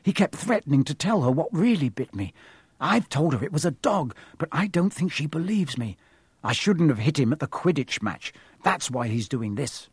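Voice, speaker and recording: A fretful schoolboy frets and panics out loud, as a male storybook reader puts him on. The voice lifts a little above the reader's own and is caught close and dry. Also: a little high, very animated, normal speed, breathy edge, no echo, full character voice. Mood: worried. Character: anxious young schoolboy, worried and sweaty.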